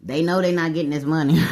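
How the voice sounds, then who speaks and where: Woman doing a tarot reading, super low voice, swoops up and down a lot, keeps saying baby. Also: husky. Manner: animated, calls listeners "baby", laughs often. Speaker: tarot reader. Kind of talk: casual tarot reading to viewers.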